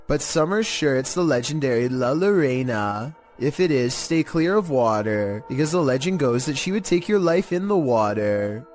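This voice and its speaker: Brief: male countdown narrator, flat monotone read, mid pitch, faint music under. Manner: monotone, measured. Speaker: YouTube horror countdown narrator. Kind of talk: scripted narration.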